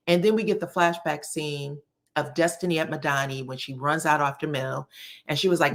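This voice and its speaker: Speaking a little fast in a deep voice, this young YouTube reviewer gives an animated, slangy recap of a reality TV episode and performs the lines she quotes.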